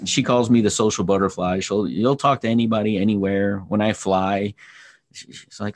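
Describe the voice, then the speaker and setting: A man hosting a podcast interview, telling stories in a casual, animated way and acting out the people in them. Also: sits low, a little fast, no room sound. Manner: animated storyteller, acts out voices. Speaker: podcast host.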